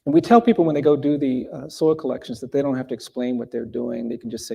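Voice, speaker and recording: A man speaking as a guest at a live event, telling a story in a measured, deliberate way with pauses. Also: medium pitch, creaky, dark tone, husky. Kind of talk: earnest storytelling in a live conversation. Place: event hall before a live audience.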